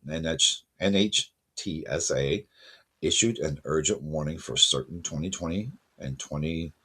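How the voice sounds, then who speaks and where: A man's voice: a bass voice, breathy edge. A man hosting a car news channel, talking casually to his viewers and correcting himself as he goes. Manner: conversational, self-correcting, addresses viewers as folks. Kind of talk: casual spoken commentary to camera.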